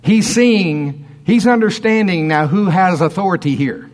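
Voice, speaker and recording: A man's voice: sits high, measured pace. A man preaching a sermon, reading scripture aloud and breaking off into chuckling asides.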